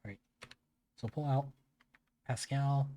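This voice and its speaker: A man streaming a video game, talking in a laid-back, halting way with many fillers. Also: mid-range voice, steady tone, warm tone, no room sound. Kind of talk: casual gameplay commentary.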